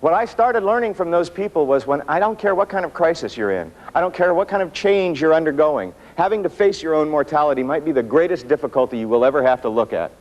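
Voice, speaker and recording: A man giving a motivational workshop talk to an audience in a room, telling stories with self-mocking humor and dramatic pauses. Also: on the high side, animated, highs cut off. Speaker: motivational speaker.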